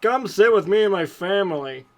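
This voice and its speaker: A man voicing an eager schoolboy wizard in a smooth, radio-like voice for a comedic fanfiction reading. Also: a little high, sing-song, normal speed, a bit bright.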